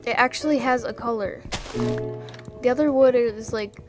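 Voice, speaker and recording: A young woman talks her way through a game session in a fairly high, chatty voice, joking, rambling and laughing at herself. Music plays behind her the whole time. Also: normal speed. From New York. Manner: chatty, jokey, easily startled, lots of fillers and laughs. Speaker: gaming vlogger. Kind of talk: casual gameplay commentary.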